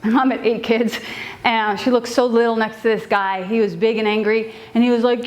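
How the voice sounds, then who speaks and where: A woman telling a personal story to a live audience in an animated, casual way with frequent fillers. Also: a little high, normal speed.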